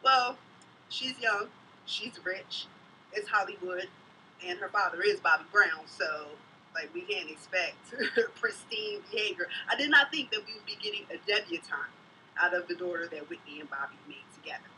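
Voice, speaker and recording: A blunt, outspoken woman talks straight to camera in a casual vlog, gossiping and telling stories. Her voice is very bright and a touch sharp. She sits back from the mic, and a faint hum of noise runs behind her. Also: medium pitch, moderate pace, distant mic, low-quality recording. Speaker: vlogger, mother. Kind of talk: casual chat, storytelling.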